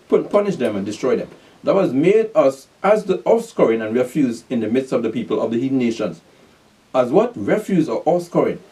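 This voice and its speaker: A man's voice: mid-range voice, mellow, distant mic. A man preaching a sermon, reading verses aloud and repeatedly quizzing his listeners and telling them to pay attention. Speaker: street preacher. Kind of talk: scripture teaching sermon.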